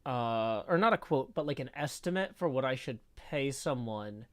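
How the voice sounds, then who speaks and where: A man's voice: medium pitch, animated, normal speed. A man chatting casually on a livestream, rambling a little and laughing at himself. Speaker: streamer and co-host.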